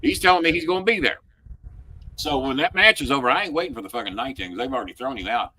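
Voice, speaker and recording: A man's voice: mid-range voice, very animated, fast, bright, forceful tone. A man hosting a talk show, telling a story in a blunt, heated way and swearing constantly. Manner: relives the story with rising emphasis. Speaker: show host. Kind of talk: profane storytelling chat.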